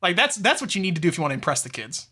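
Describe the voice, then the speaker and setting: Podcast co-host, male, high bright voice, loose profane rambling banter. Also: big pitch swings, racing. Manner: rambling, swears a lot, breaks into laughter. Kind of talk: casual chat.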